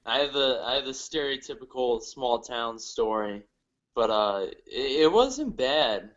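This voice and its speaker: A young man from northern Ohio with a Midwestern accent talks as a podcast guest. His stories come out halting and hesitant. The recording sounds slightly dull. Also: mid-range voice, lively intonation, fairly bright tone. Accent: Midwestern American. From northern Ohio, USA. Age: young adult. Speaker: guest comedian. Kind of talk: casual interview chat.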